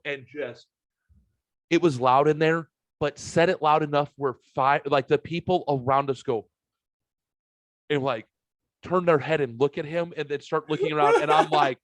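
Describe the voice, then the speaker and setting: A man from the Saint Louis area hosting a podcast, telling a story in casual chat, animated, swearing and acting out quotes. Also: mid-range voice, normal speed, pauses often, dry recording. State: recovering from a sinus virus. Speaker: podcast host.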